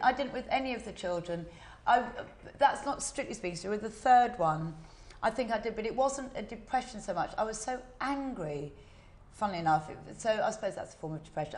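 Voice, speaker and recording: A woman's voice: a little high, roomy sound. A middle-aged English woman chatting candidly on a parenting panel, telling her own stories with animation. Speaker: panel guest. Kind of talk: casual panel chat.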